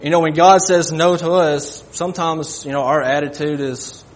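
A man preaching a sermon, halting and folksy, often repeating his words. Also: on the high side, steady tone, a little hiss or hum.

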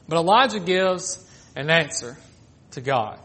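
High-voiced male preacher, dramatic swings. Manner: swings from loud pleading to hushed, drawn-out phrases. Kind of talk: sermon.

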